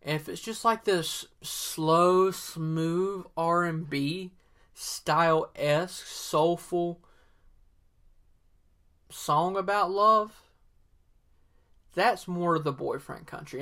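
Southern male podcast host, casual and opinionated, slightly high, forceful tone. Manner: rambling, filler-heavy, opinionated. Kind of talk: casual solo podcast talk.

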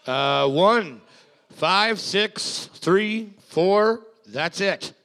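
Slow, gravelly deadpan man. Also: high-pitched. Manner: dry, deadpan jokes, slow drawl. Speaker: co-host scoring the teams. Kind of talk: casual banter and score reading.

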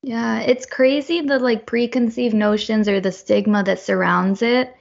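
A woman host chatting casually, relaxed and filling her speech with "like". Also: fairly high pitch, unhurried, creaky. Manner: relaxed, uses lots of "like" fillers. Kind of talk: casual interview chat. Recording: dull lo-fi audio.

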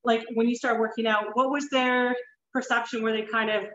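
A woman hosting a podcast interview over an online call, animated and blunt, swearing freely and going off on rambling asides. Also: fairly high pitch, a little fast, reverberant, lo-fi sound. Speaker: podcast host. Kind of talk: casual interview chat.

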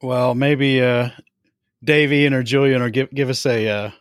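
A man hosting a hobby podcast, chatting casually in a relaxed, unhurried way with frequent fillers. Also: mid-range voice, no room sound, studio quality. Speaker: podcast host.

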